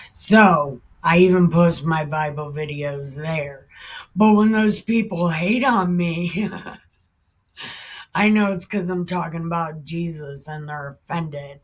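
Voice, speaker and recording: A woman giving heated reaction commentary on the Bible, swearing often and breaking into shouts. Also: sits low. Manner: heated, profane, bursts into shouting.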